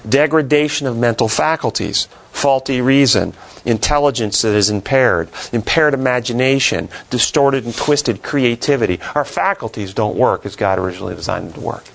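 A man's voice: medium pitch, normal speed, vocal fry, hardly any pauses. A man teaching a classroom Bible lesson, asking the class questions and then answering them himself.

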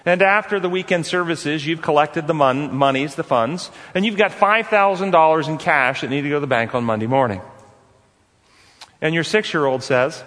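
Teaching through stories, this man runs a forgiveness course in an earnest, repetitive manner, quizzing the audience as he goes. He speaks at a normal speed with a somewhat high, slightly bright voice, while a big hall's long reverb trails behind him.

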